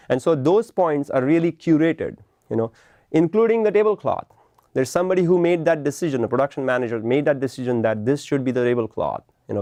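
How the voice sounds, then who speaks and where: A man speaks at medium pitch with a warm tone, and there's no echo on the recording. He's delivering a classroom lecture on film composition, explaining patiently and checking in with a "right?" as he goes.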